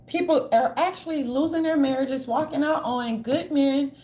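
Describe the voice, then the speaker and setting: Blunt high-pitched woman ranting. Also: normal speed, a little mellow. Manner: blunt, profane, mocking quoted voices. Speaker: commentary channel host. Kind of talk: casual opinion monologue.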